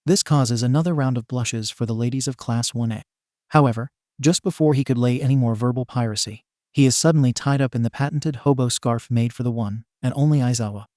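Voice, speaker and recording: A man narrating a comedy fan story with a wry, tongue-in-cheek delivery. His voice is mid-pitched, and the recording is close and dry, with no echo. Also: brisk, dark tone.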